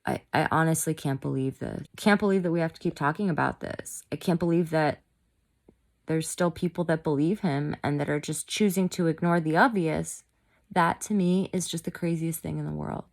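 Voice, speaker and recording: Woman, fired-up commentary vlogger; low, gravelly voice, furious and shaky. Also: moderate pace. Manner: heated, fired-up ranting. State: shaking with anger. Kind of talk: angry personal commentary. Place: home room, bad lighting.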